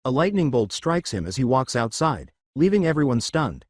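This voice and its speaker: Male narrator, scripted story reading, lively pitch, dry close sound. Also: moderate pace, no room sound. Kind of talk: scripted fan-fiction narration.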